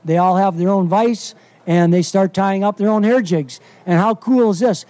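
A man's voice: high voice, normal speed, dark tone, no room sound. A middle-aged man from Wisconsin, a fishing guide talking in a casual radio interview, folksy and enthusiastic with lots of fillers.

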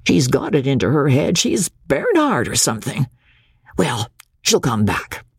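A man's voice: medium pitch, huge pitch swings, unhurried, vocal fry, husky, no echo, clean studio sound, heavily acted. A man voicing a simple-hearted, devoted husband who speaks plainly and with bewilderment. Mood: wondering.

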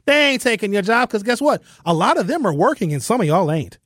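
Fast-talking man hosting talk radio. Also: high-pitched, very animated, fairly bright tone, no room sound, clean studio sound. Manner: preachy, talks straight to listeners, casual slang. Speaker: radio talk show host. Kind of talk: opinionated call-in radio monologue. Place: radio studio.

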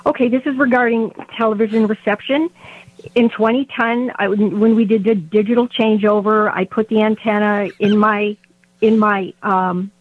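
A woman's voice: medium pitch, fairly even intonation, normal speed, dry recording. Nervous woman caller on a phone line. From Indiana, USA. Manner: nervous, rambling. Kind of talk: phone-in call. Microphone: telephone.

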